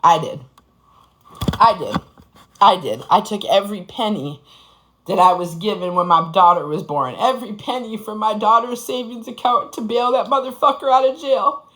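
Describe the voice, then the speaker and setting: A woman's voice: medium pitch, normal speed, a bit bright, rough recording. A woman in her forties giving an impassioned, profane personal testimony, repeating phrases for emphasis. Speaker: speaker sharing her story.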